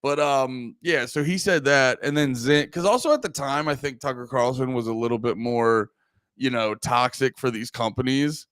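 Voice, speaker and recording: A man hosting a comedy podcast, rambling crudely and jokingly, sometimes mocking people in a high put-on voice. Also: moderate pace, fairly bright tone, clear, resonant tone, no room sound, studio quality. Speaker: podcast host. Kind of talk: casual comedic podcast rant.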